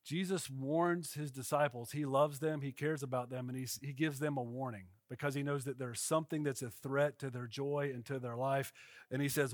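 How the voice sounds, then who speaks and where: A man's voice: on the high side, normal speed, no echo, studio quality. A male pastor gives a casual, conversational sermon and often checks in with his listeners.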